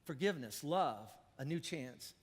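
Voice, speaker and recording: Pastor, male, higher-pitched, preaches with animated swings from loud to hushed, in a reverberant church. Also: normal speed, husky. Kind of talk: sermon. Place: church auditorium.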